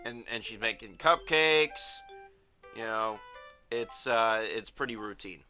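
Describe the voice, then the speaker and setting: A man's voice: fairly low pitch, takes it slowly, pushed and bright, soft background music. A man doing casual game commentary at home, swearing, laughing and chatting to his cat. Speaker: let's play gamer.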